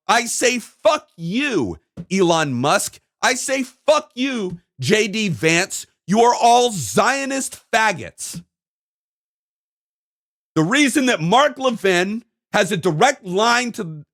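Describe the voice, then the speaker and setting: A man talks alone to his viewers in a heated, emphatic monologue. His voice is high for a man and moves all over the place, climbing and dropping as he drives his points home with repetition. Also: fairly bright tone. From United States. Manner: ranting, emphatic, repeating phrases. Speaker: video host. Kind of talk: heated solo monologue to camera.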